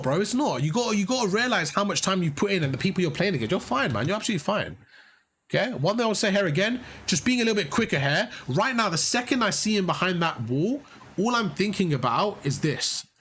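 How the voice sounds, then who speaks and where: A husky, fairly bright voice that sits high belongs to this male gaming coach. He talks a player through live gameplay, encouraging and explaining each step, and he often goes back over the same points.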